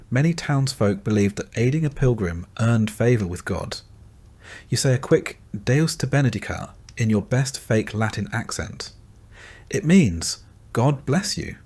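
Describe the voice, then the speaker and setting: A man narrating a scripted bedtime history story in a calm, unhurried way. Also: lowish voice.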